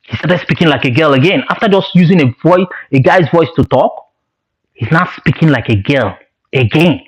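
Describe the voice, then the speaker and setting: A Nigerian man tells a story in casual, animated style, with Pidgin asides. His voice sits fairly high and swings widely. The sound is dull and lo-fi. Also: normal speed, husky.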